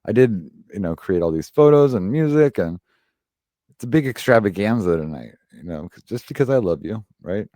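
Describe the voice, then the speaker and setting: A man's voice: lowish voice, animated, normal speed, mellow, dry recording, studio quality. A man hosting a live stream and reading horoscopes in a rambling, chatty way, full of fillers and self-corrections. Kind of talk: casual live-stream chat.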